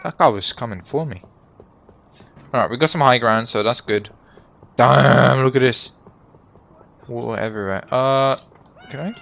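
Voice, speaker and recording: A man's voice: mid-range voice, normal speed, vocal fry, long pauses, fairly bright tone. A young man giving casual, joking gameplay commentary as he plays, swearing and laughing at himself. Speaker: gaming YouTuber.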